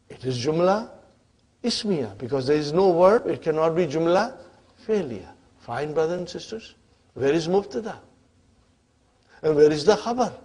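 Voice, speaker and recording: A man whose voice is fairly high in pitch and dark in tone gives a classroom lecture on Arabic grammar. Asking "huh?" and "are you with me?" throughout, he checks in with his students, posing questions he then answers himself.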